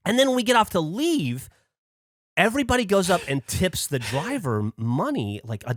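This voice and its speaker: A man's voice: high-pitched, fast, no room sound, clean studio sound. A man hosting a podcast, telling a story casually and animatedly, swearing often and acting out what people said. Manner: animated, swears a lot, acts out quotes. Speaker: podcast host.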